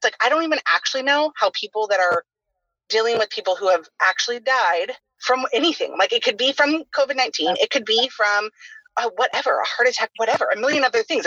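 A woman in her thirties talks quickly on a casual podcast, her voice bright and forward. She keeps dropping "like" between her thoughts. The sound is dull and lo-fi. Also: a little high, no echo. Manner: chatty, heavy use of "like" fillers. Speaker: podcast host.

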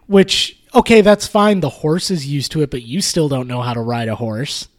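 A man co-hosting a casual movie review chat, animated, laughing often and swearing freely. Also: a little high, moderate pace. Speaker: podcast co-host.

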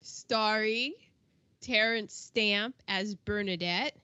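A woman hosting a casual podcast, reading film credits in a steady, unhurried way. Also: medium pitch, no room sound. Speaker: podcast host. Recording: dull, dry lo-fi recording.

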